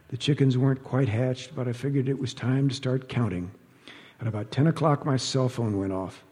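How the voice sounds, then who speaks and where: A man's voice: medium pitch, fairly quick, dark tone, slightly rough, long reverb tail. A man narrating an audiobook in a dry, wry storytelling manner.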